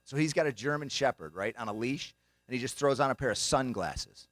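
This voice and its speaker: Bright-voiced man telling comic stories. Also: mid-range voice, expressive, normal speed, long pauses. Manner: jokey storytelling, acts out quoted voices. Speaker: banquet speaker. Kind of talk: stand-up comedy routine. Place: banquet hall.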